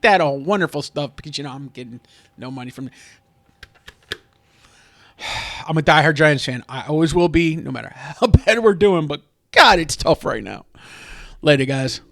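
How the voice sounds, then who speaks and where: A man's voice: on the high side, a bit bright. A man venting in a casual sports vlog, rambling and frustrated, with many restarts. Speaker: sports fan vlogger.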